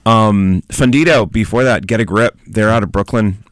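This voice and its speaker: Male radio DJ, low voice, dry studio sound, halting chatter full of ums. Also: no room sound. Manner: rambling, hesitant, many fillers. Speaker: radio host. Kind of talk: casual radio banter. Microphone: studio mic.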